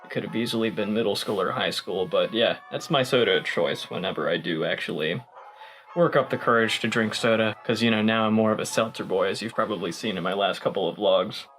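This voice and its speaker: A man's voice: on the low side, fairly quick, a bit bright, soft background music, rough recording. A young man vlogging in a tipsy, rambling way, joking and swearing freely while he chats to his viewers. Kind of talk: casual rambling vlog.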